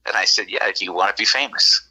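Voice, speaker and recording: A man's voice: on the low side, fast talker, breathy edge, low-quality recording. A man from California telling a long, rambling story, often acting out the dialogue of the people in it. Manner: rambling, animated, acts out quoted dialogue. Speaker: guest telling an encounter story. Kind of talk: casual storytelling on a podcast.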